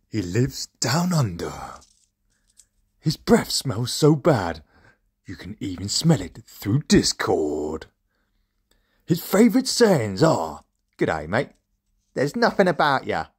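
Young gaming host, male, teasing roast humor, swings widely in pitch, unhurried delivery. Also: breathy edge. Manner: teasing, mocking banter with dramatic announcer-style reveals. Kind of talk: comedic roast tier list commentary.

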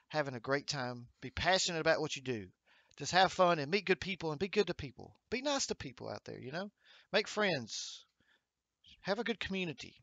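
A man's voice: a little high, fairly bright tone, dry recording, lo-fi sound. A man hosting a gaming livestream at home, chatting upbeat and encouraging while reading viewer comments aloud. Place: home streaming setup with green screen.

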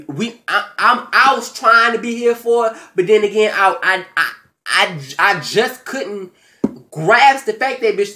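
A man hosting his own video channel, giving a casual, profane, animated recap of a reality show, with big jumps in pitch and loudness and excited stammers. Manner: stammers and restarts when excited. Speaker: YouTube show recap host.

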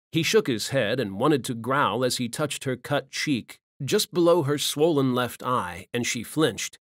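A man narrating a romance audiobook in a dramatic, expressive read. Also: mid-range voice, moderate pace, no room sound, studio quality. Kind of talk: scripted narration.

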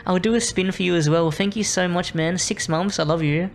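A woman's voice: lowish voice, brisk. A young Australian woman streaming a game, chatting to her viewers in a rambling, apologetic way. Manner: rambling, apologetic, talking to chat while playing. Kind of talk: casual live-stream chat.

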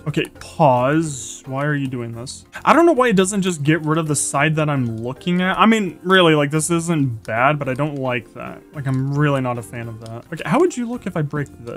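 A man commenting on his own building gameplay, chatty and talking to himself, with sudden excited or panicked outbursts. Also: a little high, fairly quick. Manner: chatty self-talk, excitable, bursts of panic. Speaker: gaming YouTuber. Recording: background music under voice.

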